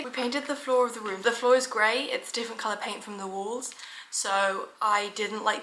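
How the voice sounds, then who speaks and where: A young woman vlogging to camera in a chatty, excitable, self-mocking way. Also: fairly high pitch, a little hiss or hum. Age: young adult. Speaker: student vlogger. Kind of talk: casual vlog talk to camera. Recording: echoey room sound.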